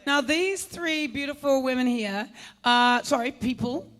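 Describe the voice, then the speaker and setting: A woman on a convention panel, talking loudly and swearing casually. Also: high-pitched, a little slow. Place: convention hall with audience.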